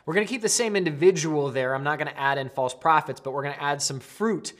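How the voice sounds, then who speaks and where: A man's voice: on the high side, fast talker, a bit bright. A man giving an earnest, conversational Bible lesson to camera, often restarting mid-sentence. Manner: conversational, earnest, with frequent restarts and shifting pace. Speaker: Bible teacher. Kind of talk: casual video teaching.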